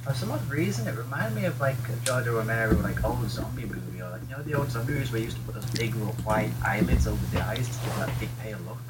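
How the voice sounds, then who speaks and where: A man's voice: mid-range voice, lively intonation, fast, few pauses. A man from Britain co-hosting a casual movie podcast, enthusiastic and joking, swearing casually. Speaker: podcast co-host. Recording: loud background noise.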